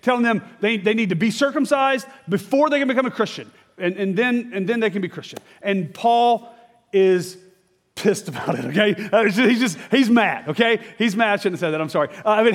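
Male pastor, high voice, chatty and emphatic sermon delivery, long church reverb. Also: fairly bright tone. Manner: conversational and emphatic, keeps checking in with "okay?".

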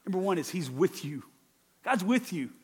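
Male pastor, high-pitched voice, conversational sermon, loud then hushed, long hall reverb. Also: moderate pace, slightly rough. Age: adult father. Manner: conversational and animated, swinging from loud emphasis to hushed asides.

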